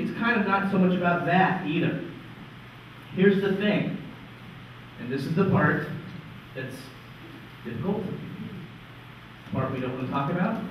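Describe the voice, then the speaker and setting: A man's voice: on the high side, slight background noise. Wry male presenter in an echoey hall. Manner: wry, conversational, asks "right?" often. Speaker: conference presenter. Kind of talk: lively stage presentation. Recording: echoey hall, far-off dull mic.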